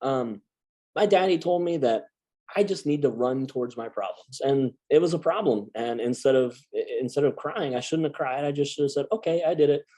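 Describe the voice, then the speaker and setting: A man in his thirties talks through a personal story in loose, casual conversation. He stumbles and restarts often, yet keeps up an animated energy. His voice has a dark, mellow tone. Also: medium pitch, moderate pace. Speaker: guest, Marine veteran. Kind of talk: casual chat.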